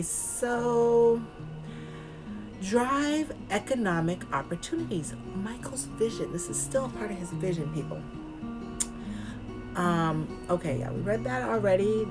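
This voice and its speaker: A woman's voice: mid-range voice, animated, measured pace, over loud music. Chatty woman vlog host, playful accent. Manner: chatty, talks straight to the viewers and to the candidate. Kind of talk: casual vlog, reading a website aloud with comments.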